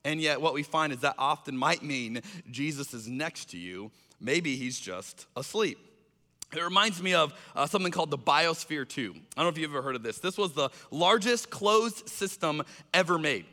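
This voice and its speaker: A man preaching a sermon as a pastor, telling a story in a lively way and acting out the voices in it. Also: a little high, moderate pace, big-room sound. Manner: animated storytelling, acts out voices.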